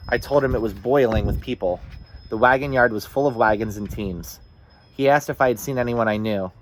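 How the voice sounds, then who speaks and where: A man reading a novel aloud in the first person, with steady, earnest storytelling. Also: medium pitch. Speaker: audiobook reader.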